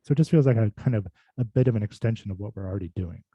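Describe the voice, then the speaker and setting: A man's voice: fairly low pitch, rapid-fire, dark tone, breathy edge, no room sound. Man, voice clinician, casual talk, rambling with fillers, dull lo-fi call audio. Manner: thoughtful, rambling, with many fillers and restarts. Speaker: speech and voice clinician giving a talk. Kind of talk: casual informal presentation.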